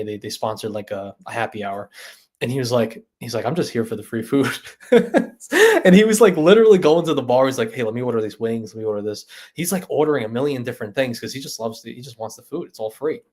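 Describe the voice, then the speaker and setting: A man hosting a casual livestream, rambling and laughing often as he chats. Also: mid-range voice. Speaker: livestream host.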